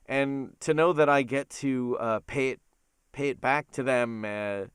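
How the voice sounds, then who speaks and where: A man with a smooth, dry voice. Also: medium pitch, dry recording. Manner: earnest and grateful, with frequent fillers. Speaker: voice actor guest. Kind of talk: casual interview chat.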